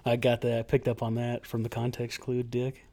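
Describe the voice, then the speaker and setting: A man's voice: mid-range voice, monotone, moderate pace, mellow. A man co-hosting a podcast, talking casually and sardonically about a movie. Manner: sardonic, laughs easily. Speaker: podcast co-host. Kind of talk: casual chat reviewing a movie.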